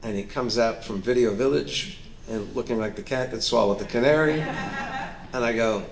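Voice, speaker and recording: A man, a guest actor and director, telling stories on a festival panel stage, lively and candid, acting out the people he quotes. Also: mid-range voice, moderate pace, crowd noise. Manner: animated, acts out quotes, candid and self-mocking. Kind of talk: storytelling interview on stage.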